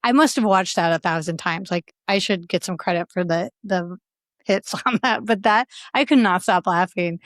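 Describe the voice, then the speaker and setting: A woman's voice: fairly low pitch, normal speed, no room sound, clean studio sound. Middle-aged woman, laughing storyteller. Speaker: guest comedian. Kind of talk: casual podcast chat.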